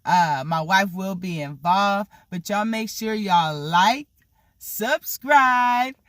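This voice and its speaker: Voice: mid-range voice, slow pace, fairly bright tone, no echo, clean studio sound. An adult vlogger telling a childhood story casually, rambling with lots of fillers and laughing now and then. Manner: rambling, many "like" and "you know" fillers.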